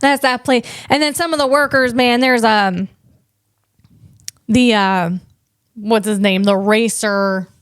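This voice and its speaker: A woman with a fairly high voice hosts a comedy podcast and spins loose, rambling stories about her family. She gushes and drifts, tossing in a playful "man" and "you know" as she goes. Her voice sits close and dry, with almost no room sound. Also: slow pace, pauses often, clear, resonant tone, dry recording. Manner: gushing and animated about family. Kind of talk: casual comic storytelling.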